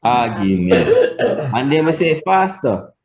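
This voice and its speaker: Jamaican man teaching a class, low voice. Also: expressive, measured pace, a little mellow. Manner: patient, repeats key points for emphasis. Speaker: language teacher. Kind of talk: live class instruction.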